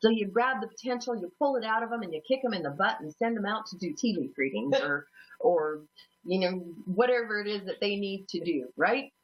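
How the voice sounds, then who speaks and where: A woman's voice: medium pitch, brisk. A woman hosting a psychic talk show, telling her own story in a rambling, self-deprecating way and laughing often. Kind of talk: personal storytelling. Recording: dull lo-fi sound.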